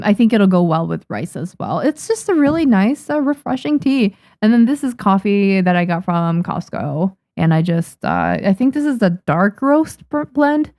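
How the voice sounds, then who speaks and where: A woman's voice: medium pitch, darkish tone, dry recording, clean studio sound. A young adult woman, a manga artist, chatting casually on a livestream at her desk microphone, thanking viewers with frequent ums. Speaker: manga artist streaming to chat.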